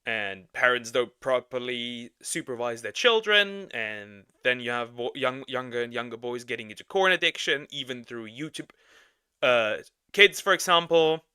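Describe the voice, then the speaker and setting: A man giving casual reaction commentary, halting and slangy, often repeating himself. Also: medium pitch, lively intonation, pushed and bright, clear, resonant tone, no room sound, studio quality. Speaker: streamer reacting to a video.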